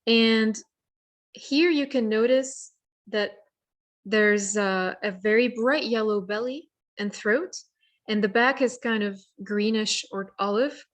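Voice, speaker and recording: A woman's voice: on the high side, takes it slowly. A woman presenting an online workshop, explaining how to identify warblers by sight and song in a friendly, explanatory way with small restarts. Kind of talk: virtual bird identification lesson. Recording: virtual program audio.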